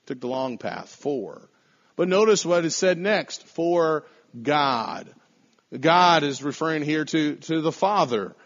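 A man preaching a sermon to a congregation in measured, emphatic phrases, slowing down to stress key words. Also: a little high, expressive, fairly bright tone. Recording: dull lo-fi sound.

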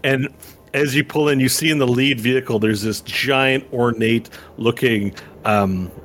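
A man's voice: medium pitch, a little slow, a bit bright. A man narrating as game master, rambling with lots of fillers and restarts.

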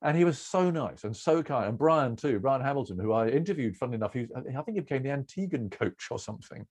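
A middle-aged man telling relaxed anecdotes as an interview guest, rambling and self-deprecating with restarts and chuckles. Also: medium pitch, quick pace, husky. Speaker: cricket broadcaster, interview guest.

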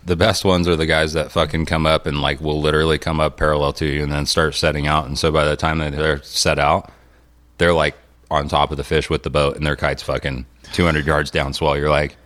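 Very deep-voiced laid-back man. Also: level tone, brisk, fairly bright tone. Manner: laid-back, profane, says "dude" often. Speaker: fisherman. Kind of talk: casual chat.

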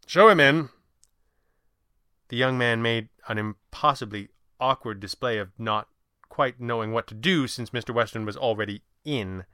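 A man reading a story aloud in a measured, even manner. His voice is bright and crisp, close and dry on the mic. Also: medium pitch, no room sound. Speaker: narrator. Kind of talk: audiobook narration.

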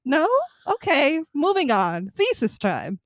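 A woman talking casually on a podcast, telling a horror movie's plot with plenty of swearing and frequent laughter. She sounds close and dry, with no room around her, and her pitch sits in a middling range for a woman. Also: unhurried, clear, resonant tone, dry recording. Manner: profane, laughing storyteller. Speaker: podcast co-host.

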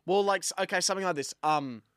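A young man, co-hosting a podcast, teasing his friend and slowly dragging out riddle clues. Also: high voice, a bit bright, clean tone, no echo. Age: young adult. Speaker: podcast co-host. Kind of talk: casual banter.

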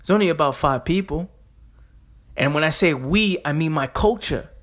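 Fired-up New man, slightly high voice. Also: animated, normal speed, a bit bright. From New York. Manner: emphatic, street slang, repeats phrases. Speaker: podcast host. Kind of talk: motivational podcast monologue.

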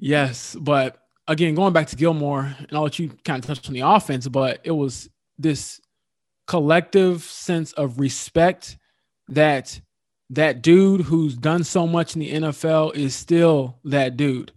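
Animated male sports reporter, higher-pitched, dry close sound. Podcast chat. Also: unhurried, no room sound. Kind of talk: casual sports talk.

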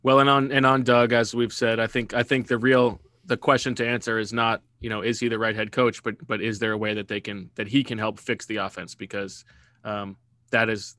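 A man's voice: lowish voice, level tone, fairly quick, a bit bright, no echo, studio quality. A man hosting a sports podcast, chatting casually and steering the conversation to the next topic. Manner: conversational, leads segments, plugs the site. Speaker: podcast host.

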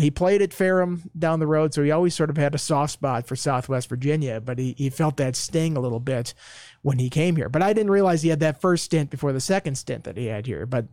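Chatty higher-voiced man on a dry mic. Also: darkish tone, no room sound. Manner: chatty storyteller, quick asides. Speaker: sports reporter. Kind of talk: casual podcast chat.

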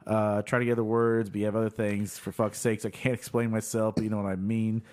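A man's voice: fairly low pitch, flat delivery, fast, a little mellow. Rambling, swearing podcast host man. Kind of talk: casual chat recapping a TV episode.

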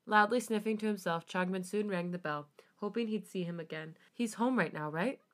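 A woman co-hosting a podcast, reading fanfiction aloud with an expressive delivery. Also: mid-range voice. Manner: expressive reading, quick to laugh. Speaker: podcast co-host.

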